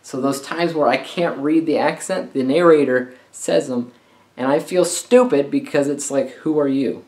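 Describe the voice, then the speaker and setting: A man's voice: on the high side, moderate pace, a little mellow. A man giving a casual, conversational book review on his channel, talking freely with frequent filler sounds. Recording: roomy echo.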